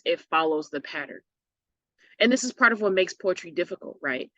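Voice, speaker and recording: A woman teacher explaining a lesson patiently, often checking in with a quick "right?". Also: fairly low pitch, a bit bright, no room sound, muffled recording. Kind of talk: recorded online lesson.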